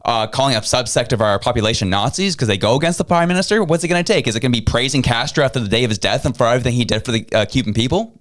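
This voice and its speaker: Fired-up fast-talking man. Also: mid-range voice, fairly bright tone. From Canada. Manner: rapid, indignant, repeating rhetorical questions. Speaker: podcast co-host. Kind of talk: heated political commentary.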